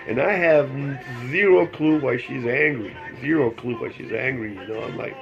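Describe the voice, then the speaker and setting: A man's voice: mid-range voice, moderate pace, creaky, few pauses, over music. Older male vlogger, casual rambling storyteller, salty language, dull lo-fi audio. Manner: rambling, repeats phrases, casual cursing. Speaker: vlogger telling life stories.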